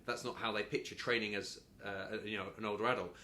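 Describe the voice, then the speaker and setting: A man's voice: on the low side, fairly even intonation, pushed and bright. A male interviewer asking questions in a casual conversation, often repeating words as he frames them. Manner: halting, repeats words while forming questions.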